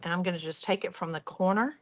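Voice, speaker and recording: A woman's voice: lowish voice, fast. A woman hosting a craft tutorial, chatty and enthusiastic as she talks viewers through each step. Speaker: craft workshop host.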